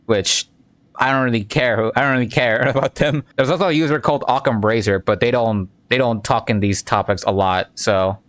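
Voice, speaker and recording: A man talks through a game update casually, rambling along with plenty of fillers. His voice sits in a middle pitch. The sound is dry and close. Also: fairly bright tone, no room sound. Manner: rambling, laid-back, with many fillers. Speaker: game commentator. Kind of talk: casual gameplay commentary.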